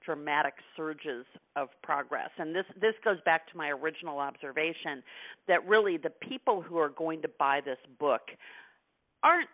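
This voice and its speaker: A man's voice: fairly high pitch, animated, normal speed. A man hosting an interview, talking in a loose, chatty way full of "you know" asides. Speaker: interview host. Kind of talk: conversational interview. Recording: phone-like narrow line.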